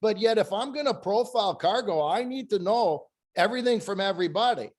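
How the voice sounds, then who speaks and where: Animated storytelling man on a panel. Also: sits high, a little fast. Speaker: webinar panelist. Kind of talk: panel discussion.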